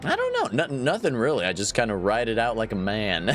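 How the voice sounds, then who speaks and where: A man's voice: medium pitch, huge pitch swings, a little fast, fairly bright tone, slight background noise. A man with a sore throat, playfully chatting to viewers during gameplay. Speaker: streamer. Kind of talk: casual gameplay commentary.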